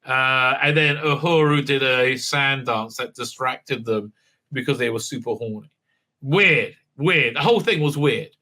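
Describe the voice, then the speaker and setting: This host's episode recap is loose and halting, packed with fillers and mocking asides, and he performs quotes in silly voices. He speaks in a mid-range voice with a bright, forceful tone.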